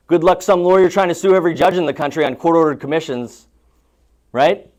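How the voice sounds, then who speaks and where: A man's voice: fairly high pitch, a little fast, a little mellow. A man coaching real estate agents at a live seminar, telling stories in a chatty way and asking the audience questions. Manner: chatty storytelling, asks the room questions.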